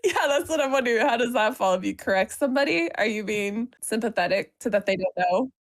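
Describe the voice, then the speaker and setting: Woman, podcast co-host, slightly high pitch, teasing and giggly. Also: expressive, quick pace. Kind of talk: casual chat.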